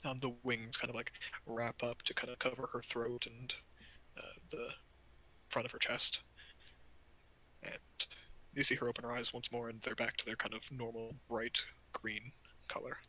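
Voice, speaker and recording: A man's voice: medium pitch, flat delivery, moderate pace, pushed and bright, low-quality recording. A man narrating a tabletop game as game master, in a casual, loose way full of fillers.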